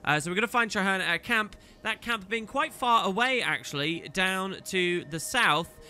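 A man's voice: high-pitched, expressive, normal speed, clean tone, soft background music. A man hosting a let's play, chatting upbeat with many fillers and reading a story aloud. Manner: upbeat, loud, filler-heavy. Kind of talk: gameplay commentary and story reading.

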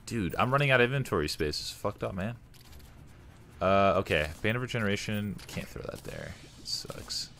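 A young man casually commenting while playing a game, swearing often and breaking into excited outbursts. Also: fairly low pitch, moderate pace, slight background noise. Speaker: gaming streamer. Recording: music bed behind voice. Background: soft game music.

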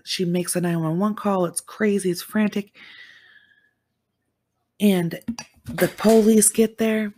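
With a medium-pitched voice, a woman gives a casual recap of a true-crime episode as a show reviewer. She's animated, exclaims often, and drops slangy side comments.

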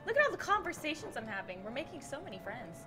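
Bubbly, animated young woman gamer. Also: high voice, fast talker, over music. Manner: bubbly, excitable chatter. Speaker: guest co-player. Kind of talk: casual multiplayer let's play chat.

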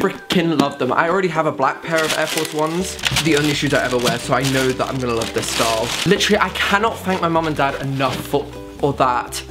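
Brief: camp young vlogger, sassy asides, squeals, music bed underneath. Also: male voice, fairly high pitch, expressive, fairly quick, few pauses. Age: young adult. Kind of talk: casual haul vlog. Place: bedroom with studio light. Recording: music playing behind the voice.

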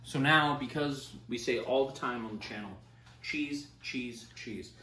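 A man's voice: mid-range voice, a little slow, bright, forceful tone. Hyped, cursing cooking-show man. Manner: loose, swearing, hyped-up kitchen banter. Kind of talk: casual cooking demonstration. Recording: roomy sound, mic at a distance.

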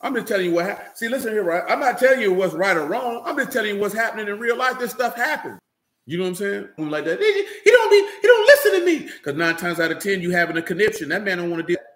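Talking very fast in a high, fairly bright voice, this preacher gives a loose, direct sermon in a room with echo. He often asks listeners "you know what I'm saying" to make sure they're with him.

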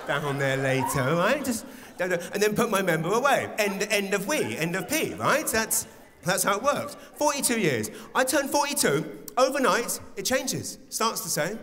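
A man in his forties performing live stand-up comedy in a large theatre, animated and building to loud exclamations. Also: high-pitched, normal speed. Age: 40s. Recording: reverberant live theatre with audience.

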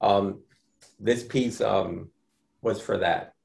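Dominican-born guy walking through his paintings, slow and careful, lots of ums. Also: fairly low pitch, fairly even intonation, creaky, a little mellow. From Dominican Republic. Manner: measured, with frequent ums and restarts. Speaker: artist guest. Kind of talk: explaining his artwork.

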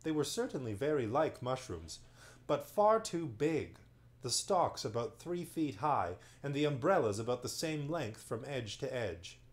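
A man reading a children's novel aloud as a bedtime story on a livestream, slow and expressive. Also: mid-range voice.

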